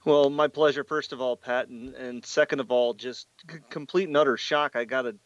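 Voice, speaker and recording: A man's voice: mid-range voice, steady tone, moderate pace, no echo. A man who directs sports at a radio station, answering an interview in a stammering, shocked way. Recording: dull lo-fi line.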